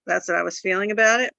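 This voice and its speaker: A sleepy woman poet reads haiku at an online open mic and speaks slowly and tiredly. Her voice is gravelly yet bright. The sound is dry and dull, like lo-fi call audio. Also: medium pitch, no echo. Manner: slow and tired, with soft laughs.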